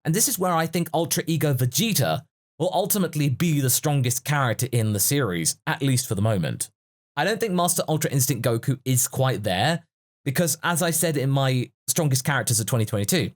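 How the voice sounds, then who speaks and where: A man hosting a casual podcast discussion, musing and analytical in a chatty way. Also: a little high. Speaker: podcast host.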